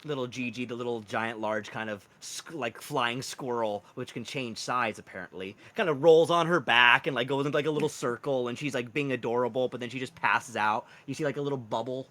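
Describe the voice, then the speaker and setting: Bright-voiced male game master. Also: mid-range voice, fairly quick, few pauses. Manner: casual, lots of "like" and "kind of". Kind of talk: narrating a tabletop game.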